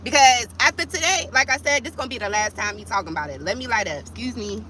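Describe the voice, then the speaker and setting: Bright-voiced woman ranting on her live, blunt and cussing, faint hum behind her. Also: on the high side, quick pace, low-quality recording. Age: adult with kids. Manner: blunt, profane, fired up, talks straight to viewers. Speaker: vlogger on a livestream. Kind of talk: heated livestream vent.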